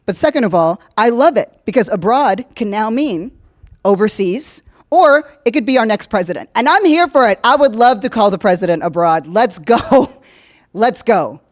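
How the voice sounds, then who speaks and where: A woman hosting a podcast, giving casual political commentary in a jokey, profane way, swinging from loud emphasis to low asides. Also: animated, moderate pace. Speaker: podcast host.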